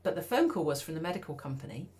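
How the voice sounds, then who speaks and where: Low-voiced woman telling a personal story. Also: rapid-fire. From United Kingdom. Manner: animated, conversational, acts out her own thoughts. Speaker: speaker.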